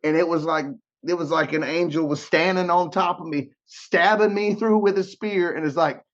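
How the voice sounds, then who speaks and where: A man's voice: fairly high pitch, fairly even intonation, moderate pace, highs cut off. A man guest on a podcast, telling an emotional story and acting out the dialogue, often repeating and restarting words. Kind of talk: animated storytelling with re-enacted dialogue.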